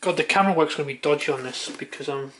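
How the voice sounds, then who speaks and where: Muttering man, slightly high voice. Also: quick pace, a bit bright, a little hiss or hum. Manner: offhand, muttering, swears casually. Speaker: vlogger. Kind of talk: casual chat.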